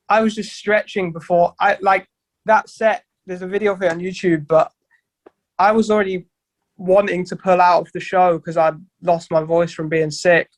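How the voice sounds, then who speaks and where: High-voiced and recorded dry, a young man who fronts a band rambles through a casual podcast chat as a guest. He swears a lot and keeps restarting, his sentences loose and wandering.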